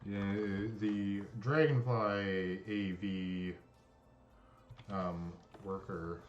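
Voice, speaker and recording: A man narrating a tabletop game as game master, unhurried, with many filler pauses. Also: deep voice, fairly even intonation, highs cut off, soft background music.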